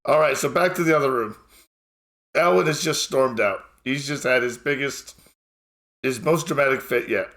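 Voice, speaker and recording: A man's voice: mid-range voice, normal speed, a bit bright. A man narrating as game master, teasing the players. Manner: teasing, joking.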